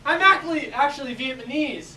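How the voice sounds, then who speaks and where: An improv player acting out scenes loudly and with energy. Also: high voice, expressive, a little fast, very noisy. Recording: roomy, distant mic.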